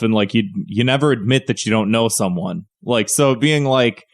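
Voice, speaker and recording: A man's voice: medium pitch, moderate pace, few pauses. A young man co-hosting a podcast, rambling and swearing in casual chat with lots of fillers. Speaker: podcast co-host.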